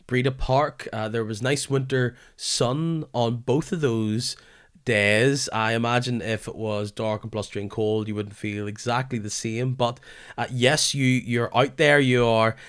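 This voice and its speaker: A man hosting a football podcast, his voice weary from a lingering illness, keen but halting at times. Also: medium pitch, fairly even intonation, a bit bright, clean tone. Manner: enthusiastic, with halting restarts. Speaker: podcast host. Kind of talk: casual football podcast chat.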